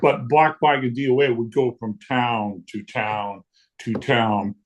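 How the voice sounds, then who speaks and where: Man, 60s, guest, casual storytelling, lively, blunt, swears. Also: mid-range voice, measured pace. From Canada. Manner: lively storyteller who acts out quotes and swears freely. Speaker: guest punk musician.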